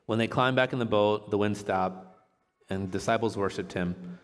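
A man's voice: on the low side, moderate pace. Casual preacher man in a reverberant hall. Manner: relaxed, chatty, jokes and laughs while teaching. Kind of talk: casual sermon with scripture reading.

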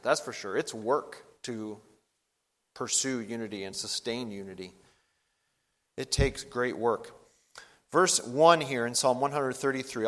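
A man preaching a sermon as a pastor. He talks earnestly, gets louder and higher for emphasis, and slows down when he reads scripture. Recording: long hall reverb.

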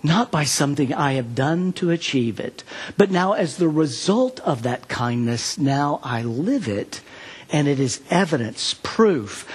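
A male pastor preaching a sermon, telling a story with earnest emphasis and repeated phrases, then moving into a quiet prayer. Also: a little high, husky.

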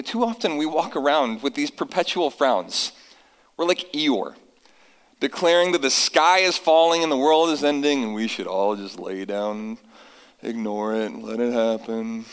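A man, likely in his thirties, preaching a sermon to his congregation, telling family stories and reading scripture slowly for emphasis. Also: medium pitch, expressive, smooth, big-room sound, rough recording. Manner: earnest, storytelling with slow emphatic scripture reading. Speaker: pastor.

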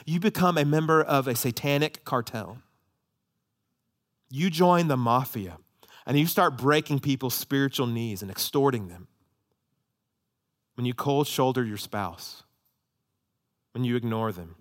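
A man preaching a sermon, impassioned, swinging from loud emphatic peaks to low hushed asides. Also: lively intonation, normal speed, pauses often. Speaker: pastor.

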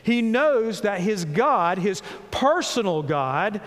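Male preacher, sermon, earnest, slow scripture reading, high voice, long hall echo. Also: very animated. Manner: earnest, slows and rises on scripture, drops low and soft on pauses.

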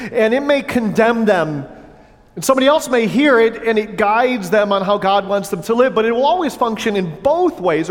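A pastor preaching a sermon in a church, earnest but breaking into playful asides to the congregation on a wireless mic. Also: male voice, high voice. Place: church sanctuary. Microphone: wireless headset or lapel mic with battery pack. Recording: long church hall reverb.

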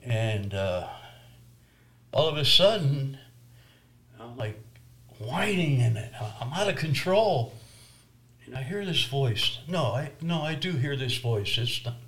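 A man recounts a personal testimony at an unhurried, deliberate pace. His delivery is dramatic, swinging between loud emphasis and hushed, near-whispered moments. His pitch sits in an ordinary middle range for a man. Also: lively intonation. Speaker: traveling evangelist telling his story.

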